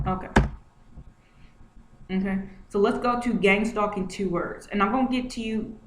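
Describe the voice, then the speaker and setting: A woman vlogging from home at her computer, talking through what is on her screen in an agitated way and repeating herself often. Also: mid-range voice. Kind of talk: screen-share commentary. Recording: roomy echo, faint noise.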